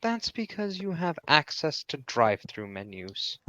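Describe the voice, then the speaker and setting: A man's voice: a little high, very animated, unhurried, fairly bright tone, highs cut off. A man voicing an aloof male mage who lectures his pet in a dry tone. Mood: lecturing.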